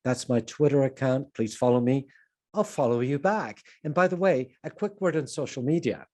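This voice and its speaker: An older man from Canada talks through a filmmaking lecture on a video call. His voice sits at an everyday middle pitch. He wanders from point to point and pokes fun at himself along the way. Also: normal speed, a little mellow. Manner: anecdotal, self-deprecating, digressive. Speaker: film producer and lecturer. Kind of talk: online conference talk.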